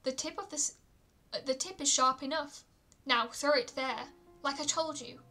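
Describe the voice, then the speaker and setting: A woman's voice: high voice, moderate pace, bright, forceful tone, faint music behind. A woman voicing a scheming male trickster god who sounds falsely friendly and helpful, in a read-aloud myth. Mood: coaxing.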